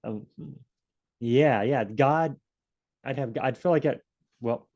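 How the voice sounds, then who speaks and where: Guy rambling through a bible study, keeps correcting himself, acts out the quotes, normal pitch. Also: slow pace, pauses often, darkish tone, lo-fi sound. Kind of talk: casual spoken Bible study.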